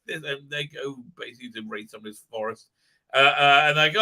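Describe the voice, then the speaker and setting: A man hosting a live stream, ranting profanely and mocking characters in squeaky put-on voices. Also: animated, a little fast, gravelly, sharp tone. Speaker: show host.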